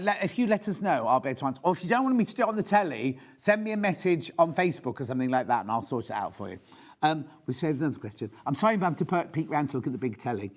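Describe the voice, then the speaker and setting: A middle-aged man presenting a live shopping show, chatty and rambling, poking fun at himself as he reads out viewer questions. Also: fairly high pitch. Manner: chatty, rambling, self-deprecating.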